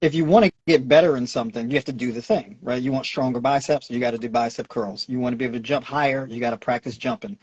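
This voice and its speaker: A man's voice: medium pitch, fast talker, hardly any pauses, darkish tone, dry recording, lo-fi sound. A man with a New York accent, a nutrition and fitness coach, explaining at length in a lecturing way and checking in with "right?". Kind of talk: explaining in a podcast Q&A.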